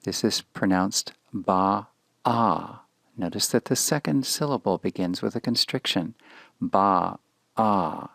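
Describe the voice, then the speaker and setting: A low, gravelly male voice teaches Hebrew pronunciation. He is slow and deliberate, patiently naming each letter in turn. The sound is dry and close to the mic. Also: expressive, no echo. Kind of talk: slow instructional lesson.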